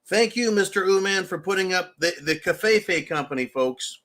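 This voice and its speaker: A man hosting a livestream commentary show, talking in a loud, ranting way and laughing often. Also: high voice, animated, moderate pace. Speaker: show host.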